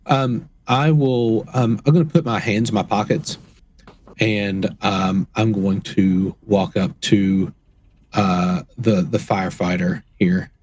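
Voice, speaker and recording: A man's voice: lowish voice, fairly even intonation, takes it slowly, darkish tone, slightly rough. Hesitant man playing a tabletop game. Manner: hesitant, many fillers. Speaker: player. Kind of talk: tabletop role-play chat.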